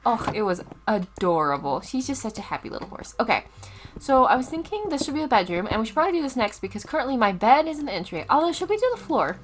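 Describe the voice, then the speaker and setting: A woman's voice: on the high side, very animated, fast talker, a little hiss or hum. A young woman casually commenting on her gameplay as a Let's Play host, chatty and easily distracted. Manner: chatty, easily distracted, loud startled outbursts.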